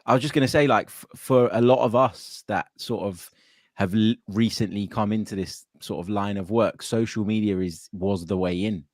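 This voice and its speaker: A man's voice: lowish voice, normal speed, dry recording, clean studio sound. A young man on a football podcast, talking earnestly and tripping over his words. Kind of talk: casual chat on a football podcast.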